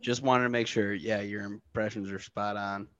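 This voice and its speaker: A man's voice: fairly low pitch, little pitch movement, normal speed, lo-fi sound. A man co-hosting a comedy podcast, tossing in dry quips during casual chat.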